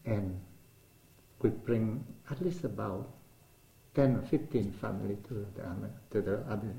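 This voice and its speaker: An older man speaking non-native English with simple grammar, telling his life story as an interviewee in a lively way. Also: on the low side, a little slow, creaky, roomy sound, low-quality recording. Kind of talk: oral history storytelling.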